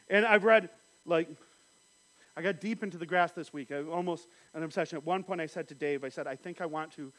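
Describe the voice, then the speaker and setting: A man preaching a sermon, swinging from loud emphasis to hushed near-whispers, often repeating and restarting words as he thinks aloud. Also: a little high. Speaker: pastor.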